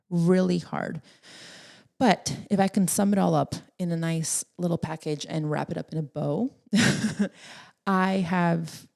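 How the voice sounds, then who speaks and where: Young woman, podcast host, mellow and a bit gravelly, rambling and emotional, laughs often. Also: fairly low pitch. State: tearful at times. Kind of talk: casual solo podcast talk.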